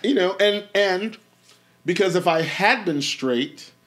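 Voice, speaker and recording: A man talking as a podcast guest, an animated storyteller who acts out the voices he quotes. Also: high-pitched, slow. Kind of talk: casual interview.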